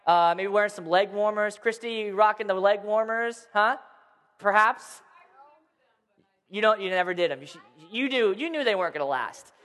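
A man in his thirties telling a personal story to a live audience in a playful, animated way, asking the crowd questions as he goes. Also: sits high, fairly quick, few pauses. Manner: playful, addresses the crowd directly. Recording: long hall reverb.

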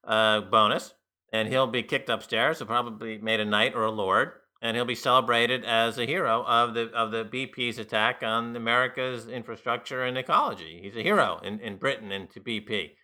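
A man's voice: medium pitch, a little fast, pushed and bright. A man co-hosting a talk radio show, giving wry, sardonic commentary on the news in casual studio chat. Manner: wry, sardonic, mocks with put-on voices.

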